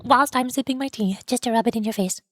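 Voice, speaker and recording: A woman hosting a livestream, chatting casually in a playful, excitable way and teasing her chat with mock indignation. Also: a little high, fast talker. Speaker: livestream host.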